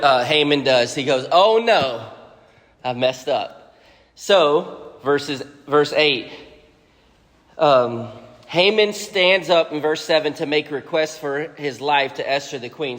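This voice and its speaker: A man teaches a Bible lesson by retelling the story casually, acting out the characters' lines with lively energy. His voice is on the high side, and he's in a large hall.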